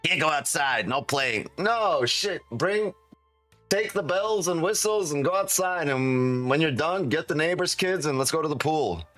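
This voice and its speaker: A man's voice: fairly high pitch, lively intonation, measured pace, no room sound, soft background music. Profane, joking man streaming live. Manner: loud, profane, joking, laughs often. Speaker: day trading streamer. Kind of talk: casual live stream chat.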